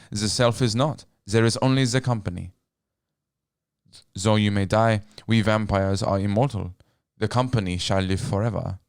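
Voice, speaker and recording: A man's voice: lowish voice, smooth, no echo, clean studio sound, lightly acted. A man voicing a grandiose, cold vampire recruiter who preaches solemnly about immortality.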